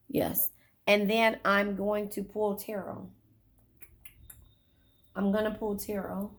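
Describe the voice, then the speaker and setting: A woman's voice: mid-range voice, steady tone, takes it slowly, creaky, long pauses, a bit bright, slight background noise. A woman giving a casual tarot reading in a car, blunt, profane and chatty as she talks straight to her viewers. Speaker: tarot reader.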